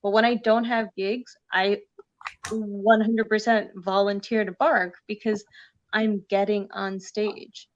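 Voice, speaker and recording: A woman's voice: mid-range voice, little pitch movement, slow pace, dull audio. A woman comedian chatting casually as a guest, talking with many fillers. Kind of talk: casual conversation.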